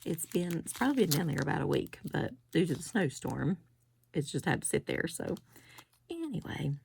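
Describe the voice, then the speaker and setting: A middle-aged woman chats her way through a haul video. Her voice sits low, with a gravelly fry. She rambles from one story to the next with little giggles along the way. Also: very animated, moderate pace, darkish tone, a little hiss or hum. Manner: chatty, rambling, giggly asides. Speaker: crafting vlogger. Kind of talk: casual haul chat.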